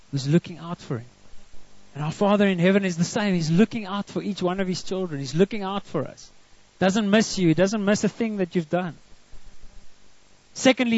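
A South African pastor preaches a sermon, counting off his points and slipping into homely family stories. His voice is high-pitched and a little mellow, captured in a dry, dull lo-fi recording.

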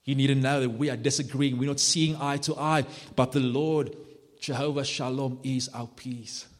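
A man preaching a sermon as pastor, passionate and animated, building to emphatic peaks. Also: medium pitch, moderate pace. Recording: long hall reverb.

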